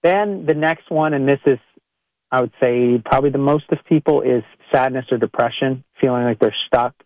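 A man, a chiropractor hosting a health podcast, talking casually to listeners and acting out his patients in a higher voice. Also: a little fast, dry recording. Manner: animated, acts out quoted patients in a higher voice. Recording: narrow phone-like sound, dry.

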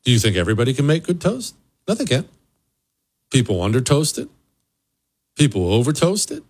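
A man's voice: medium pitch, very animated, a little fast, darkish tone, husky, dry recording. A man hosting a radio talk show, giving a blunt, emphatic monologue with sarcastic asides. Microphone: studio microphone.

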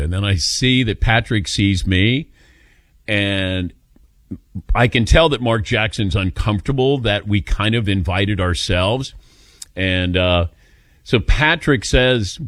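A male radio host tells a story in a lively voice, swooping up and down in pitch as he acts out what people said. He is close to the studio mic, and the sound is dry. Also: measured pace, no echo. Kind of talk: casual radio talk show storytelling. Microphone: studio microphone.

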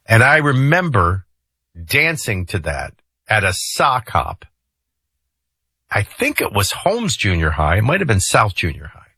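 A middle-aged man hosts a radio morning show in a folksy, joking way. His voice is bright and forceful with a touch of husk, and his pitch swings up and down a lot. The sound is dry and close on a studio microphone. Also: measured pace, long pauses, slightly rough, no echo. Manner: folksy, joking, lively delivery. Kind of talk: casual radio talk.

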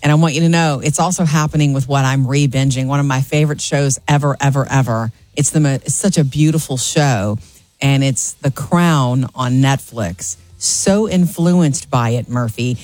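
A woman's voice: very deep voice, moderate pace, darkish tone, no echo. A middle-aged woman co-hosting a radio morning show, chatting casually and enthusiastically and laughing easily. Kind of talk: casual chat.

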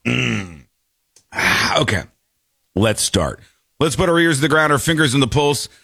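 A man hosting a podcast with a playful, joking manner, his pitch swinging widely as he slips into silly high voices. He sounds a little under the weather and takes it slower than usual. The sound is dry and close, with no room around him. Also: big pitch swings, vocal fry, pushed and bright, breathy edge, no echo. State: sounds a bit sick, slowed down. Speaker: podcast host. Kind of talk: comedic casual chat.

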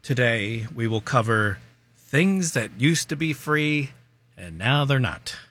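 A man's voice: mid-range voice, animated, slow, a bit bright. A man from Maryland co-hosting a radio show, chatty and wry in casual banter. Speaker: radio co-host. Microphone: studio mic.

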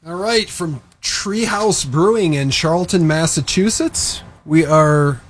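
A man with a slightly high voice, a guest on a radio show, announcing a beer in a casual, deliberate way. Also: slightly rough.

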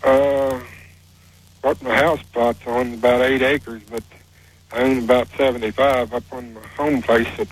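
Husky man calling a radio show, plain and halting delivery. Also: medium pitch, flat delivery, poor audio. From West Virginia. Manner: plain-spoken, rambling, halting with fillers. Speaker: caller. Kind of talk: telling a personal story on a call-in show.

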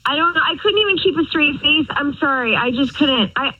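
A woman's voice: high-pitched, expressive, brisk, background noise. A young woman calling in to a radio show and telling a story in a chatty, exasperated way, full of likes and fillers. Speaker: caller. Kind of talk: casual storytelling on the phone. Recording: muffled phone-line sound.

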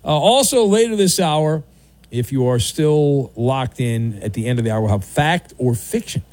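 A man's voice: medium pitch, lively intonation, a little mellow. Jokey talk radio host, man. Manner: jokey, teasing, drawn-out emphasis. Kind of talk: live talk radio hosting.

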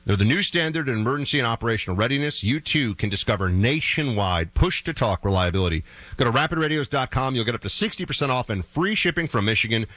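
A man hosting a talk radio show, moving from jokey banter into a brisk live ad read. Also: mid-range voice, expressive, a bit bright, no room sound.

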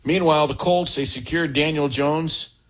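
A man's voice: a little high, fairly even intonation, normal speed, a bit bright. A middle-aged man giving an opinionated sports talk monologue, blunt and sarcastic with emphatic asides. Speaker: sports commentator.

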